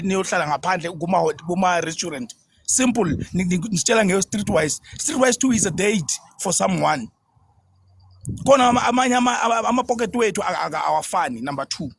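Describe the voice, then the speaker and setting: Husky high-voiced South African man. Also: a bit bright, no room sound. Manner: lecturing, insistent. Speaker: panelist on a live stream. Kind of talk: live-stream debate.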